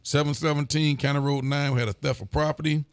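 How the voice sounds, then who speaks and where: A man, a sheriff hosting a casual local show, relaxed and folksy as he reads out viewer greetings. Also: fairly high pitch, fast, clean tone. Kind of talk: casual call-in style show chat.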